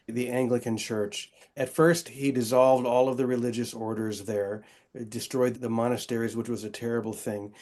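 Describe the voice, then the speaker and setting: A man's voice: mid-range voice, darkish tone. A man who is a guest on an interview podcast, speaking earnestly and reflectively about his faith and his work. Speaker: guest, author and Episcopal priest. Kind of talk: casual interview conversation.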